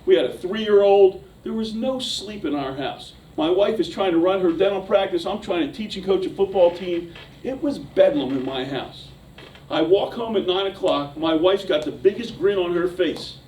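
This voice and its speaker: A man delivers a motivational talk as a lively story, and his voice sits a little high. He sounds far from the mic, with a faint hum underneath. The large room around him rings with echo. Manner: animated storyteller who builds to shouting. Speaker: motivational speaker. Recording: echoey room from a distance.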